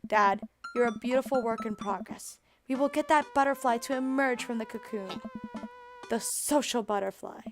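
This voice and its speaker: A woman's voice: fairly high pitch, moderate pace, soft background music, close to an everyday voice. A woman voicing a cheeky teenage daughter, speaking in a bossy, teasing way.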